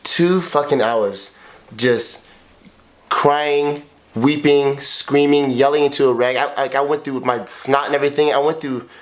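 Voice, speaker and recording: The husband co-hosting this couple's podcast is in his thirties, with a medium-pitched voice, fairly even intonation, and a measured pace. Blunt and emotional, he curses often, repeats himself, and speaks confessionally.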